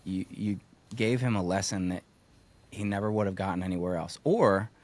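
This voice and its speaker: A man hosting a podcast, talking in a relaxed, loose way with many filler words. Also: sits low, moderate pace. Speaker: podcast host. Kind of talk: casual chat.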